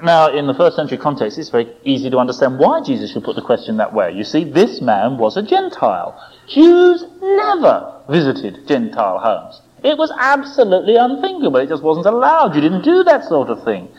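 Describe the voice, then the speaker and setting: A man preaching a sermon, with expressive delivery, rhetorical tag questions and dramatic quoted voices. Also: fairly high pitch, fairly quick, slightly rough. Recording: dull lo-fi recording.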